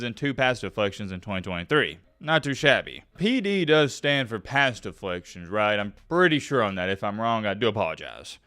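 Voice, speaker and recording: This is a young man hosting his own college football commentary. His voice sits at an ordinary middle pitch. He talks straight to his viewers with hyped, animated energy. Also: smooth, no room sound, clean studio sound. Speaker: sports YouTuber host.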